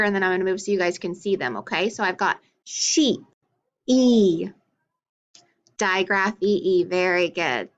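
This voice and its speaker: A woman's voice: medium pitch, fairly bright tone, highs cut off. A woman teaching a phonics lesson to children, drilling letters and sounds with patient encouragement.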